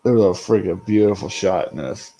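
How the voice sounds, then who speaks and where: Deep-voiced and warm, this livestream host speaks at normal speed as he recaps a show episode for his chat. It's loose, unscripted talk, full of rambling and free swearing.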